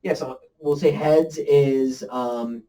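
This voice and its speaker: A man's voice: medium pitch, fairly even intonation, takes it slowly, warm tone, recorded from a distance. A man co-hosting a casual movie podcast, laid-back and swearing casually. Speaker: podcast co-host. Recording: off-mic with faint room noise.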